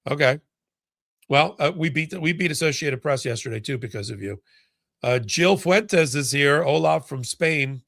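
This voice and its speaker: Animated and a little high, with vocal fry and a somewhat bright tone, a man speaks at a moderate pace in clean, echo-free studio sound. He's a legal commentary host doing a casual court-case live-stream, reading out viewer comments conversationally with frequent restarts.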